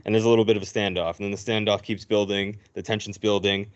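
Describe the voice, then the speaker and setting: Man giving a casual, animated movie recap. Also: on the low side, fast talker. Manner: animated retelling, acting out characters' lines. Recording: dull lo-fi recording.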